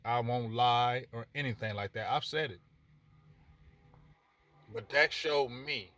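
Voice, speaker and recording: A man hosts a sports talk show, pleading and repeating himself with emphatic passion. His voice is bright and tense, recorded dry with no room echo. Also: mid-range voice. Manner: passionate, emphatic, repetitive, addresses people directly. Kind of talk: casual sports commentary monologue.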